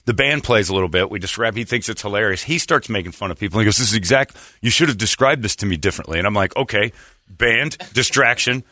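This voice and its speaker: Bright-voiced low male radio host. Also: fast talker, no echo, studio quality. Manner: animated storyteller, acts out quoted voices. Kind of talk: casual storytelling chat.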